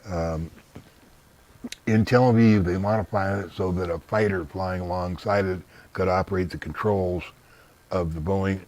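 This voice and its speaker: A man's voice: deep voice, steady tone, a little slow, a little mellow. A man being interviewed in casual conversation, blunt and dismissive, giving long rambling explanations. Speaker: interview guest.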